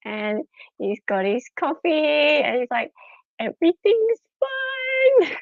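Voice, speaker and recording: Middle-aged Australian woman, casual live-chat host, chatty and giggly, mid-pitched, recorded on a dull home mic. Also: expressive, slow, gravelly, no echo. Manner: chatty and giggly, greeting viewers. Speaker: livestream host. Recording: slightly dull lo-fi audio.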